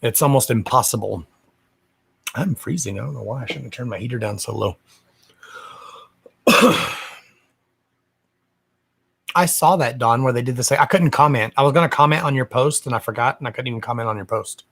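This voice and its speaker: A man's voice: medium pitch, moderate pace, vocal fry, long pauses, fairly bright tone, slightly rough. A man hosting a live stream as a psychic medium, chatting casually from home in a sassy, gossipy way, cussing freely and calling his viewers darling.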